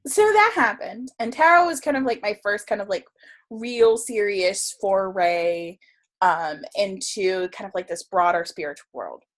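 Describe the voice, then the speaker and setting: In a casual interview, a guest who is a tarot reader and writer from Florida tells a story, chatty and full of fillers and laughing often. Her voice is medium-pitched, unhurried, with lively intonation.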